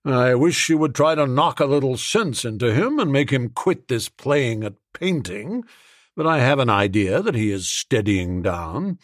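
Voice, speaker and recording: A man voicing an older, stern but warm uncle who talks in a measured, lecturing way. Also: mid-range voice, very animated, dry recording, studio quality. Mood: genial.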